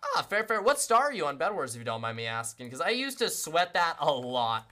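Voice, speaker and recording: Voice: mid-range voice, big pitch swings, fairly quick, bright, forceful tone. A game streamer chatting casually to viewers while playing, self-deprecating and greeting everyone with repeated welcomes. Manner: chatty, self-deprecating, talks to chat constantly.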